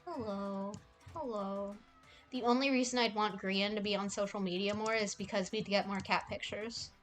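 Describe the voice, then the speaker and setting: A woman's voice: mid-range voice, fairly even intonation, fairly quick, fairly bright tone, soft background music. A young woman streaming casually, rambling and cooing affectionately at cats in a game. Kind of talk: casual livestream chat.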